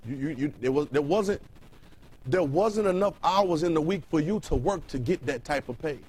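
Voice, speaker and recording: A man's voice: a little high, animated, moderate pace, darkish tone, slightly rough, low-quality recording. A male preacher giving a sermon in a loose, colloquial way. He repeats words as he builds a point, reads scripture, and keeps asking the congregation questions. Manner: colloquial, fires rhetorical questions at the room. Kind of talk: sermon with Bible reading.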